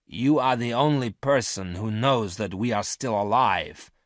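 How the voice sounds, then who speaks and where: A man voicing a scheming male space thief who speaks sharply and forcefully, in a dry, close recording. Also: lowish voice, a little slow, dry recording, close to an everyday voice. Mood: menacing.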